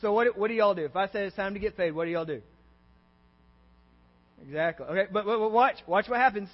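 A pastor in a church sanctuary preaches fairly quickly in a high voice, making the sermon interactive with constant questions and "okay?" and "all right?" check-ins. Mains hum sits under a dull, echoey recording.

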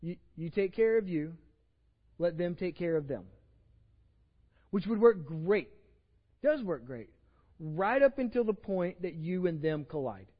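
Texan pastor guy preaching, kinda high voice, church echo, muffled recording. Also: expressive, unhurried, pauses often. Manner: conversational, repeats words and restarts, jokes with the congregation. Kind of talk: sermon. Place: church sanctuary with long reverb. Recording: dull lo-fi sermon recording in a reverberant church.

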